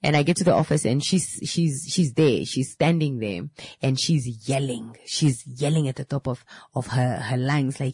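Salon owner, woman, animated storyteller with a husky, dry voice that restarts her words. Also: extremely low pitch, moderate pace, no echo. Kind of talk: casual storytelling to camera.

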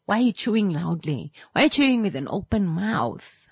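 A woman's voice: medium pitch, sing-song, fairly quick, creaky, husky, no echo, studio quality. A young woman vlogger giving a blunt, exasperated monologue about bad manners, firing off rhetorical questions. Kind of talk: casual opinion monologue.

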